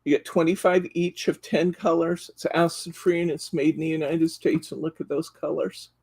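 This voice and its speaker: A woman's voice: deep voice, little pitch movement, normal speed, a little mellow, breathy edge. A woman hosting a live craft store show-and-tell, enthusiastically describing card stock packs and counting sheets aloud as she flips through them. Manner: enthusiastic, gushing over products.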